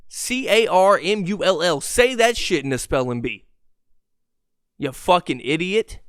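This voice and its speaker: Male podcast host, slightly high voice with a lisp and stutter, profane exasperated rant, dry close sound. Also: animated, measured pace, fairly bright tone, smooth, no room sound. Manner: profane, exasperated ranting with laughs and restarts. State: voice going hoarse.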